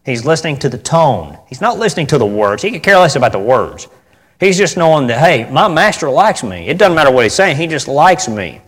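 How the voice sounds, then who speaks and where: A man's voice: fairly high pitch, big pitch swings, fairly quick, breathy edge. A man giving an informal sermon on church music to a congregation, speaking conversationally, repeating key phrases for emphasis and asking the room for responses. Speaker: preacher teaching on church music. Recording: long hall reverb.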